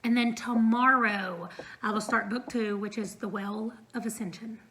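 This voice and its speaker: This woman's fairly high voice has fairly even intonation, a sharp tone, and a moderate pace, recorded with poor audio and a little hiss or hum. In her thirties, she's a book vlogger chatting casually about reading in a room at home, rambling with fillers and small laughs.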